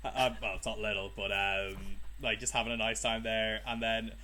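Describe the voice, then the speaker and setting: A man's voice: fairly low pitch, little pitch movement, fairly quick, sharp tone, a little hiss or hum. Rambling young man podcaster. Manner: rambling, thinking aloud with ums. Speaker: podcast co-host. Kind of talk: casual chat.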